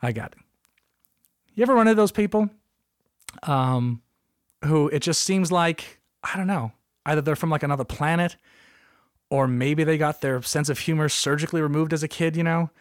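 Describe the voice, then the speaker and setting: A man's voice: fairly high pitch, moderate pace, smooth, no room sound. Rambling, jokey man with a dry close sound. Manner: rambling, jokey, animated, with frequent asides. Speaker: podcast host. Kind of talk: comedic solo podcast monologue.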